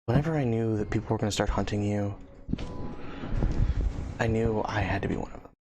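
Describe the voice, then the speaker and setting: A man voicing a conflicted, guarded woman bounty hunter in a tabletop game, speaking in a halting way over a noisy background. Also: lowish voice, a little mellow, close to an everyday voice. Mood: hesitant. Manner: hesitant, halting.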